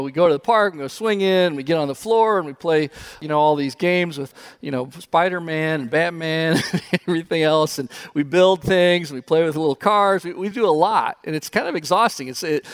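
An older man preaching a sermon, telling stories with animated warmth and frequent chuckles. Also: fairly high pitch. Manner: animated storytelling, chuckles often. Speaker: pastor.

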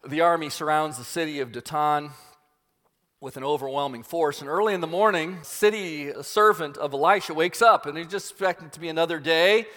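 A man's voice: fairly high pitch, brisk, a bit bright, long reverb tail. A man preaching, retelling a story dramatically. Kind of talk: sermon storytelling.

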